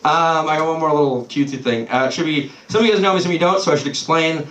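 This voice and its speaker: A man doing stand-up, his voice sitting a little high, loose and profane, stumbling over his place and brushing it off. The sound is a roomy club captured from some distance off the mic. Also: fast, fairly bright tone. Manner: loose, swearing, loses his place and laughs it off. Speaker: stand-up comedian. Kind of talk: live stand-up set. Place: small comedy club stage.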